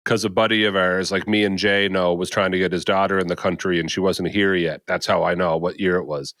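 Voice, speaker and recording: A man's voice: deep voice, fairly even intonation, fairly quick, a bit bright, no echo. A man co-hosting a podcast, chatting casually with wry remarks. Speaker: podcast co-host. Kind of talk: casual chat.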